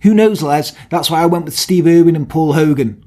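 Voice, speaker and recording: A man's voice: fairly high pitch, brisk, mellow. A young man co-hosting a podcast, chatty and self-mocking in casual talk. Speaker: podcast co-host.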